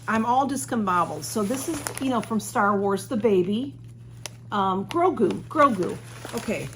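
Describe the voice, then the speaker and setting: A woman's voice: fairly high pitch, a little hiss or hum. A woman, chatting as she unboxes a gift at home, gushing and a bit flustered. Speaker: unboxing vlogger.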